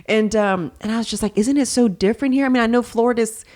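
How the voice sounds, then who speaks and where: A woman's voice: a little high, quick pace. A woman in her thirties from Texas hosting a casual podcast chat, telling stories with lots of swearing and acted-out quotes. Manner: animated storytelling, swearing freely, acting out voices in quotes. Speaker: podcast host.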